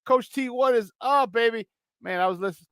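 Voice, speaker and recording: A man hosting a sports talk show, reading the chat and chatting in an animated way, swinging between loud and soft. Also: very high voice, a little fast, clean tone, dry recording, clean studio sound.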